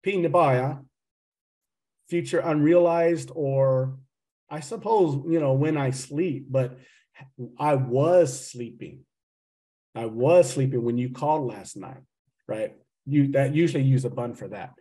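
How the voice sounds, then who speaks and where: A man's voice: medium pitch, unhurried, dark tone. A man teaching a language class over a video call, teasing his students and explaining grammar with jokes. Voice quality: teasing, joking, addresses the class as "guys".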